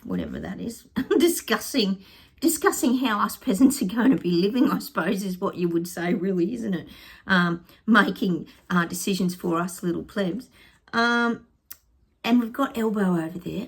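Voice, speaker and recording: A woman's voice: on the low side, slightly rough. A woman chatting to camera in a sarcastic, laughing way, vlogging to her viewers. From Australia. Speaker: psychic vlogger. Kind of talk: casual chat to camera.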